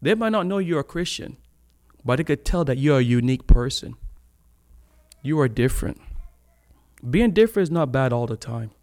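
A man delivers a sermon to his church in a relaxed, chatty way. His voice sits at an ordinary middle pitch, and he laughs easily between points. He slows down and stretches out the words he wants to land. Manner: conversational, laughs often, draws out key words. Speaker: preacher.

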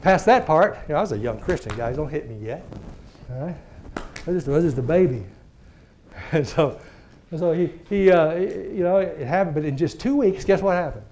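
A middle-aged man from Texas, preaching as a lively storyteller who chuckles often and acts out the people he quotes. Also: on the high side, moderate pace, slight background noise. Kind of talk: sermon testimony storytelling.

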